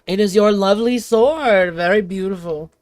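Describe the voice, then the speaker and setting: A woman voicing a big, gentle male tea shop keeper in a game, using a put-on foreign accent and formal, broken phrasing. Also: medium pitch, normal speed, no echo, natural voice. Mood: cheerful.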